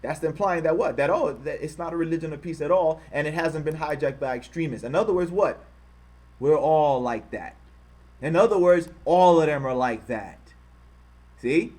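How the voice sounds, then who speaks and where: A man's voice: a little high, normal speed, darkish tone. A man hosting his channel who reads out quotes in heated commentary, angrily insulting his target and repeating himself for emphasis. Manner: says he is trying to control his harsh speech. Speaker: channel host.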